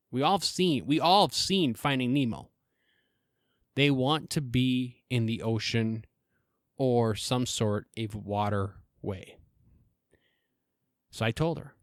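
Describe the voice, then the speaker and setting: A man talks alone into a close mic for his podcast, wandering from tangent to tangent with crude jokes and stumbling restarts. His voice sits at an ordinary pitch for a man and sounds dry, with no room around it. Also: slow, long pauses, dry recording. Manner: rambling, self-interrupting, profane and joking. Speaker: podcast host. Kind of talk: casual solo podcast monologue.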